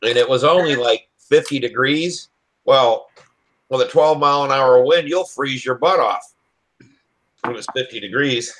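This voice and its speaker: A man's voice: mid-range voice, a little slow, a bit bright. A plain-spoken man from Michigan with a mid-range voice, talking on a video call. He chats casually and keeps asking the others questions. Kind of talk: casual chat, swapping stories.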